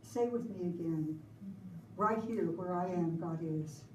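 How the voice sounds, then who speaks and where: A woman minister preaching a sermon and leading prayer in slow, rhythmic phrases and call-and-response. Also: on the low side, far from the mic, slight background noise. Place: church sanctuary. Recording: roomy sanctuary recording from afar.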